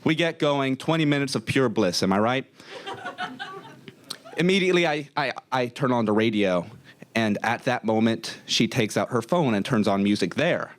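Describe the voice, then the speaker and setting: A young man telling a comic story to a live audience in a comedy club, wry and deadpan sarcastic. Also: mid-range voice, moderate pace, background noise.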